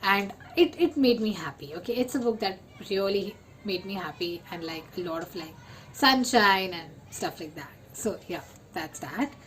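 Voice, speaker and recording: A young woman, talking casually as a book vlogger, full of fillers and repeats, with excited bursts. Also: medium pitch, normal speed, slight background noise, poor audio. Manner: chatty, lots of fillers and repeats. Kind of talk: casual chat.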